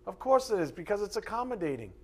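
A man's voice: sits high, very animated, fast, darkish tone, husky. A male pastor preaching in a slightly raised voice. He speaks bluntly and conversationally and drops sarcastic asides between points. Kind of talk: sermon.

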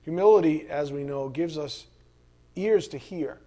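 A man with a high voice teaches a Bible study. He reads the passages aloud in an earnest tone, then breaks off into casual, conversational asides to the group. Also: unhurried, warm tone.

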